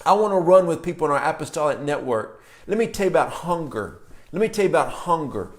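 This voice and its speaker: A middle-aged man preaching a sermon in a forceful, folksy country manner, telling stories from his ministry. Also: on the high side, expressive, fast. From rural American. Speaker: apostle and preacher.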